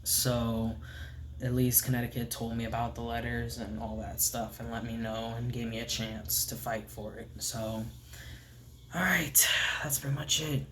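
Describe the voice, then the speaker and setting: A man talks straight to his camera in a relaxed vlog update, his voice sitting at an ordinary middle pitch. He rambles gently, stacking up ums and restarts, and often lets his sentences sink to a quiet hush. A faint hiss runs underneath. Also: unhurried. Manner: soft-spoken, rambling, many fillers, often trails off to a hush. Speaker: vlogger. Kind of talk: casual recovery update vlog.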